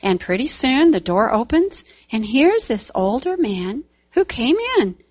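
Slow-spoken woman teaching children. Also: a little high, very animated, a little mellow, slightly rough, lo-fi sound. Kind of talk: storytelling to children.

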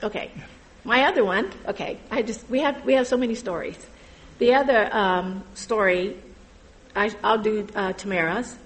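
A middle-aged woman giving an earnest personal testimony about volunteering at church, halting and full of fillers. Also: medium pitch, rough recording.

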